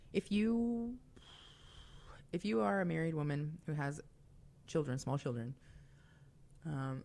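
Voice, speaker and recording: A woman's voice: low-pitched, gravelly, warm tone. A young woman hosting a call-in radio show, talking in a chatty, confiding way with fillers and asides. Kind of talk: casual call-in radio talk.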